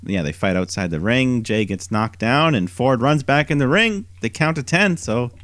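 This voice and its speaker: A man's voice: normal speed, dry recording. A man co-hosting a podcast, recapping a wrestling show in a casual, storytelling way. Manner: animated storytelling, mimics quoted wrestlers in higher voice. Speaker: podcast co-host.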